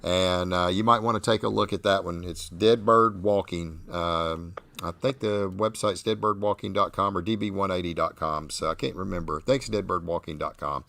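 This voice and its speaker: A man hosting a barbecue talk show, telling stories with animated enthusiasm. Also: sits low, moderate pace, gravelly, few pauses, no echo. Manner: animated, enthusiastic storytelling with frequent restarts. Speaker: podcast host. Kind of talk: casual chat.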